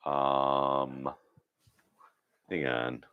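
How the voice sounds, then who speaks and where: A man's voice: rumbling low, level tone, very slow, clear, resonant tone, dry recording, narrow, tinny audio. A man from Iowa co-hosting a casual livestream chat, laid-back, often laughing and giving short replies. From Iowa, United States. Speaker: podcast co-host.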